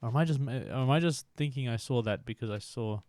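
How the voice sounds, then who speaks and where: A man streaming a motorbike game live, chatting excitedly to his viewers while he plays. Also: mid-range voice, fast, no room sound. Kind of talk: live-streamed gameplay chat.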